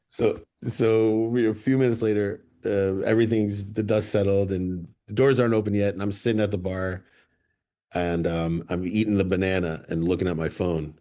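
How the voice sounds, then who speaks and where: A band member from the Chicago area, a guest in a radio studio, tells rambling anecdotes full of restarts in a casual interview. His voice is fairly low, level and mellow, at a moderate pace.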